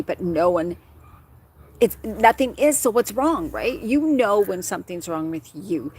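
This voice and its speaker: A woman's voice: on the low side, low-quality recording. A woman in her forties giving casual, earnest advice straight to camera and acting out worried inner thoughts as quoted asides. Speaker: menopause wellness vlogger.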